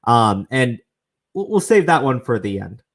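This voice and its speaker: Animated, foul-mouthed male stream host. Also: mid-range voice, measured pace. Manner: swearing, animated, rambling. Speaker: show host. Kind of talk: casual commentary stream.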